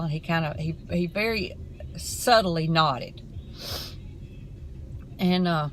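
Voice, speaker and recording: A middle-aged woman, talking casually to camera from her car in an earnest, rambling, halting way. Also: deep voice, a little hiss or hum, rough recording. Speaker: vlogger.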